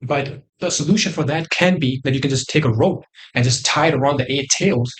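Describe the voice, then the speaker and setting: A young man hosting a crude comedic tier list, boastful and rambling, with sudden loud outbursts. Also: mid-range voice, fairly quick, slightly rough. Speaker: host.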